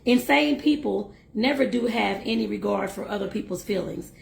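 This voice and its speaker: A stern, blunt old uncle hands down judgments, read by a woman. The voice is gravelly and lowered, and it echoes in a bare room. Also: moderate pace.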